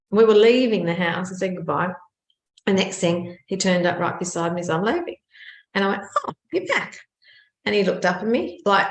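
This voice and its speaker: A woman, co-hosting a podcast and telling a story in a lively, animated way. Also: lowish voice, echoey room. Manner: lively, animated retelling with laughs. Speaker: podcast co-host. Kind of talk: casual storytelling chat.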